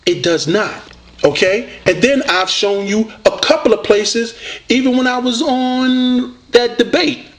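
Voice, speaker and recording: An American man, an online debater, aims a combative, preachy video rant at a rival debater. His voice is very high-pitched and his pace measured.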